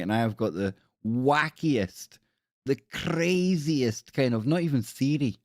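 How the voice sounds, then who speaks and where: A man's voice: medium pitch, darkish tone, no echo, studio quality. A man hosting a casual live stream, chatty and jokey, greeting viewers by name.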